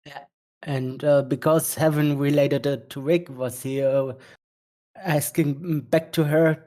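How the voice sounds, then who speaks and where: A man playing in a tabletop game, speaking slowly and deliberately. His voice is soft and mellow in tone, set slightly high, and he takes his time. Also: fairly even intonation. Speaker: player. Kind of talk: tabletop role-play.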